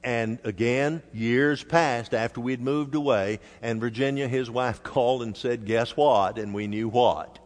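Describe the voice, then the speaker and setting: An older man preaching a sermon, measured and emphatic, sometimes dropping soft. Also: medium pitch. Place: church hall. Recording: reverberant hall.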